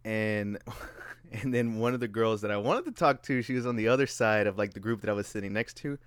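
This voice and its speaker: A man's voice: lowish voice, brisk, clean tone, dry recording. A man chatting casually, telling a story loosely with swearing and restarts. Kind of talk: casual chat.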